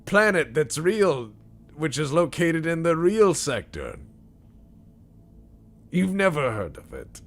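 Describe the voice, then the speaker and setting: A man voicing a shady male arms-company salesman who insists his firm is real, with an overeager sales-pitch manner. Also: big pitch swings, takes it slowly, long pauses, full character voice. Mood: shifty, insistent.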